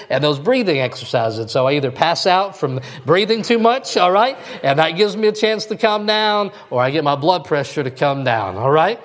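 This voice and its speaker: Folksy preacher, mid-pitched man. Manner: folksy, conversational preaching with frequent "all right?" check-ins. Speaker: pastor. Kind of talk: sermon.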